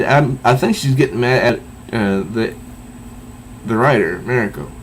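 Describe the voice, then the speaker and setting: Slow talking guy going thru a comic panel by panel, stumbles and restarts, faint ac hum in the back. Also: medium pitch, low-quality recording. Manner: halting, restarts, reads dialogue in a flat voice, chuckles at jokes. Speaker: comic book reviewer. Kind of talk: casual comic review, reading panels aloud.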